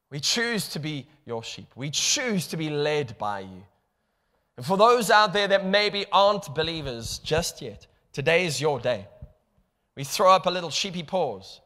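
Impassioned South African pastor, bright voice. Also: male voice, high voice, sing-song, a little slow. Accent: South African English. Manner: impassioned, rising to emphatic peaks. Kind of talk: sermon. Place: church hall. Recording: long hall reverb.

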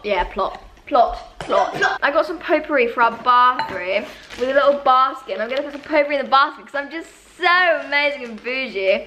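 Woman, casual vlog chat, bright and slightly high voice, self-mocking, faint background noise. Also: low-quality recording. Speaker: vlogger.

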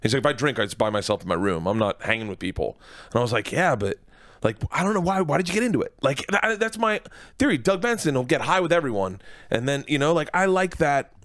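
A man in his forties, a comedian guest telling stories in a casual radio studio interview, rambling and excitable, restarting his sentences often. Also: medium pitch, fast.

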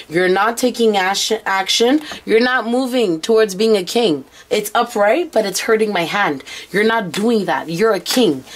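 A woman's voice: medium pitch, a little hiss or hum. A woman giving a casual tarot reading, blunt and swearing freely as she relays what she says spirit tells her. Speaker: tarot reader.

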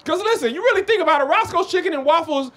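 A man performing a stand-up comedy set with excitable, animated storytelling. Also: extremely high pitch, quick pace.

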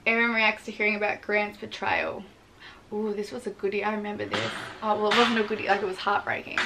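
A woman's voice: mid-range voice, little pitch movement, fast, vocal fry, background noise. A young woman in casual reaction commentary, blunt, swearing freely and mocking herself. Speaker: vlogger reacting to her own TV clips.

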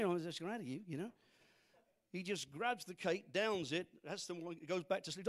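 A man preaching a sermon, acting out scripture figures with humor and animated emphasis. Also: sits high, normal speed. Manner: animated, acts out Bible characters, laughs at own jokes. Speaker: pastor.

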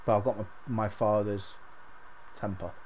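A young man chatting casually while playing a co-op game, excitable and swearing often. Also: on the low side, normal speed, a little hiss or hum. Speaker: gamer playing co-op. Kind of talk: casual let's-play chat.

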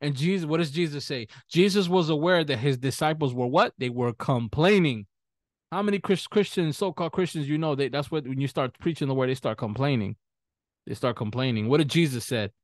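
A man preaching a sermon in an emphatic way, reading scripture references slowly and repeating them. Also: a little high, no echo.

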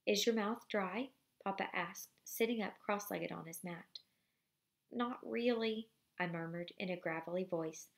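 A woman reads a novel aloud at home into a close mic, with a noticeably creaky, gravelly edge on her voice. Her pitch sits in a middle range, and she moves steadily through the text with casual asides. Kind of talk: reading a novel aloud with commentary.

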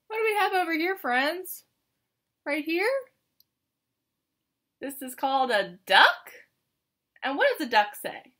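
Young female preschool teacher, high, bouncy sing-song read-aloud, unhurried, into a webcam. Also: very animated, a bit bright. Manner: sing-song, exaggerated and encouraging for toddlers. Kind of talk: circle time read-aloud for young children.

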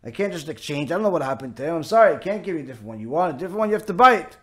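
A man's voice: a little high, big pitch swings, racing. A man voicing a matter-of-fact pet seller refusing a return. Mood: firm. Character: firm male pet seller.

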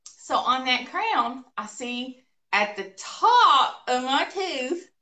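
High bright-voiced woman telling a story. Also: slow pace. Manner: animated, laughing storyteller. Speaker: co-host of a painting livestream. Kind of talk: casual storytelling chat. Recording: echoey room, voice a bit far from mic.

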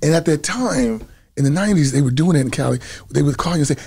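Man, middle-aged, gravelly husky voice, slightly high, casual storytelling interview, laughs often. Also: fast. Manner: animated, laughs often, breaks into bits of song. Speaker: guest telling his story.

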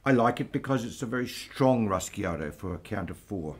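A man teaching flamenco guitar, explaining strumming patterns slowly and patiently. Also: on the low side, expressive. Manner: slow, patient, counts aloud over playing. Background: flamenco guitar playing.

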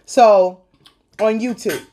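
A woman host speaking earnestly about faith and perseverance in a casual chat, talking like a sermon and protesting loudly when teased. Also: medium pitch, steady tone, takes it slowly. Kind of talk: casual faith talk on an eating show.

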